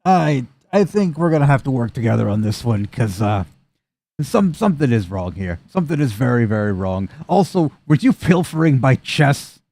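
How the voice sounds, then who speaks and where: A man's voice: sing-song, moderate pace, creaky, warm tone. A man voicing a fussy, exasperated male clerk of the dead in a tabletop game. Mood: weary. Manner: exasperated, shrill outbursts.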